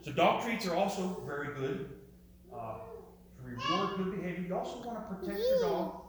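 Speaking in a room full of people, this presenter walks through slides interactively, posing questions, repeating words, and joking on the side. He has a high, very animated voice at a moderate pace, recorded with room echo and faint noise.

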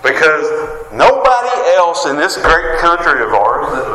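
A man's voice: fairly high pitch, big pitch swings, bright, forceful tone, a little hiss or hum. A man with a West Virginia Appalachian accent preaching a sermon in a folksy way, calling out for amens. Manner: folksy, calls for amens, drawn-out emphatic phrases. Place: church sanctuary. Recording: echoey hall with long reverb.

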